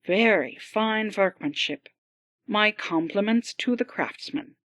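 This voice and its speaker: A woman voicing a calm male Swedish sea captain in an audiobook, speaking in a smooth, rolling Swedish accent. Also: mid-range voice, takes it slowly, dry recording, pitched above the performer's own voice. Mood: calm, measured.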